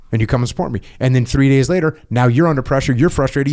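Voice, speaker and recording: A man's voice: mid-range voice, rapid-fire, hardly any pauses, a little mellow. A middle-aged man hosting a podcast, telling stories casually and acting out quoted voices with emphasis. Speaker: podcast host. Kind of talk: casual conversational storytelling.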